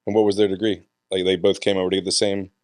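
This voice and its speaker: Man, podcast host, lower voice, teasing jokes, dry close mic. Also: flat delivery, very fast, darkish tone, no room sound. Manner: joking, teasing. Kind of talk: casual interview chat.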